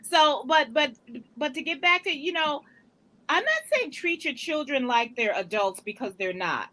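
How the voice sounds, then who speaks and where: A woman co-hosting a casual panel chat, animated and quick to laugh. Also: high voice, rough recording. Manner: animated, laughing, repeats herself. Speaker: co-host.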